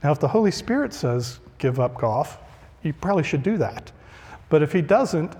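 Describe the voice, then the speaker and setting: A man's voice: medium pitch, darkish tone. A man preaching a conversational sermon, acting out the voices he quotes. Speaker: pastor. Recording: long reverb of a large hall.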